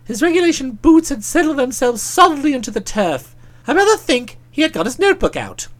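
A woman narrating a comic audiobook in a brisk, expressive storytelling manner. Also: high-pitched.

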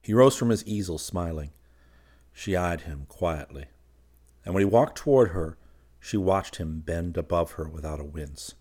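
Deep-voiced male audiobook narrator. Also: lively intonation, unhurried, darkish tone.

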